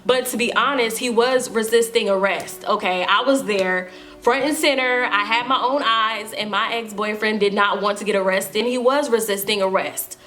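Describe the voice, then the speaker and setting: A woman's voice: medium pitch, moderate pace, fairly bright tone, soft background music. A young woman telling a personal story to her viewers in a casual, emphatic storytime vlog. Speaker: vlogger.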